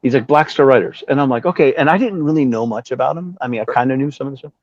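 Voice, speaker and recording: A man's voice: mid-range voice, rapid-fire, darkish tone, no room sound. A middle-aged man from Southern California, a musician telling a story in a casual interview, swearing freely and acting out the voices of other people. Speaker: musician guest. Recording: slightly dull, dry sound.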